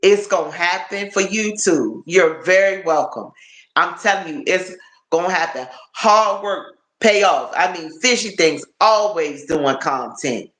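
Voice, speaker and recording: A man's voice: high voice, animated, measured pace, pushed and bright, echoey room. A man hosting a casual live stream, chatty and tired, repeating himself and calling his viewers y'all. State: tired and achy. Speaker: livestream host.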